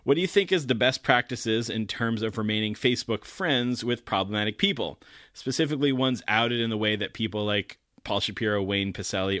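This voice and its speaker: A man's voice: medium pitch, fairly bright tone, dry recording. Podcast cohost guy, dry teasing humor, reading listener emails, mid voice, no room sound. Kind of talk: casual podcast chat.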